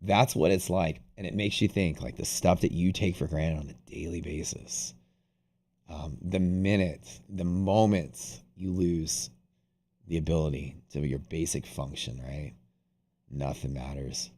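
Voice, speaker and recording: His voice is extremely low, steady in tone and mellow, moving at a measured pace. He's a day-trading livestream host chatting casually, rambling and profane, often starting sentences over.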